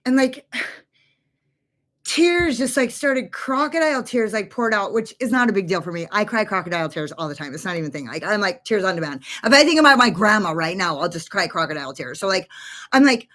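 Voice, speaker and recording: A woman's voice: mid-range voice, expressive, brisk, fairly bright tone. A woman in her forties chatting casually to camera as a beauty vlogger, candid and rambling, swearing freely and full of "like" fillers. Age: 40s. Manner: frequent "like" fillers and restarts. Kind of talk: casual confessional chat.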